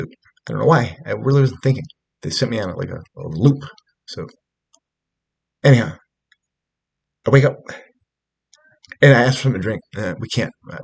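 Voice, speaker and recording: A man with a gravelly, rough-edged voice and a breathy, husky tone tells a long, winding story. He talks in an agitated, profane way, full of fillers and asides. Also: medium pitch, a little mellow. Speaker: storyteller recounting personal events. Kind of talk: rambling spoken monologue.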